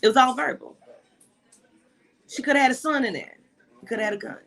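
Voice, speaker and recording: A woman's voice: sits high, a little fast, rough recording. A woman hosting a casual chat, telling a profane story and acting out the dialogue with lots of energy. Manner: animated, profane, acts out dialogue. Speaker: host.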